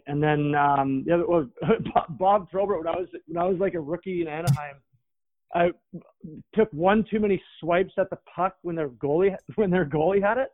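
A former hockey player rambling through a story in casual chat, with many fillers. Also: male voice, a little high. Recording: tinny phone line.

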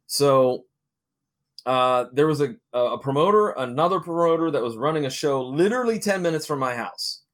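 A middle-aged wrestling manager and promoter from Ohio, appearing as an interview guest, tells a long story casually, rambling with fillers and restarts. His mid-range voice is animated and fairly bright, at a moderate pace.

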